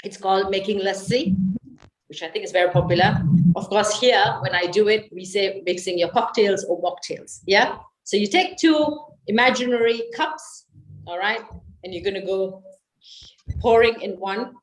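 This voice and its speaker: A woman's voice: mid-range voice, moderate pace, poor audio. A woman leading a guided laughter yoga session over a video call, coaxing and encouraging her listeners.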